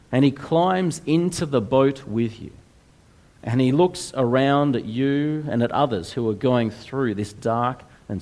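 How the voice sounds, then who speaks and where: Slow, earnest male preacher, mid-pitched, unhurried delivery. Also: darkish tone. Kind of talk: sermon.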